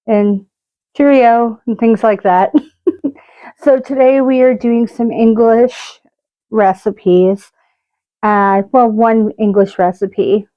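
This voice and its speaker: A woman's voice: medium pitch, dull audio. A woman hosting a casual cooking vlog, chatty and rambling with side stories. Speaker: cooking show host.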